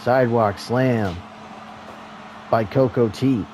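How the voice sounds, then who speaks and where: A man hosting and calling a wrestling video game match as a solo play-by-play commentator, with excitable calls and joking asides. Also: medium pitch, slow pace, slight background noise, rough recording. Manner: excitable play-by-play, rising to shouts at near-falls; self-deprecating asides.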